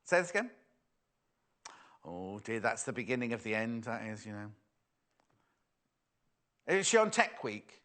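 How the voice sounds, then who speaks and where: A man's voice: fairly low pitch, big pitch swings, a little slow, long pauses, bright, forceful tone. A middle-aged man presenting live sales on TV, chatty and teasing as he banters with his crew. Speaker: shopping channel presenter.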